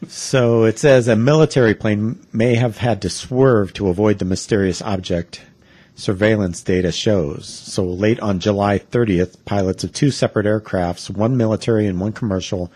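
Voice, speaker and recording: A man co-hosting a podcast, easygoing in casual chat and measured when reading a news report aloud. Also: lowish voice, dark tone, slightly rough, no room sound. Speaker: podcast co-host.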